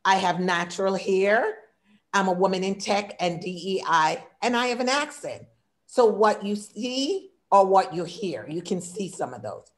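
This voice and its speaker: An immigrant woman in her sixties, a diversity consultant and workshop speaker, presents a workshop over a video call in short, listed phrases, warm and talkative. Her mid-range voice is expressive and unhurried, with an audible non-native English accent.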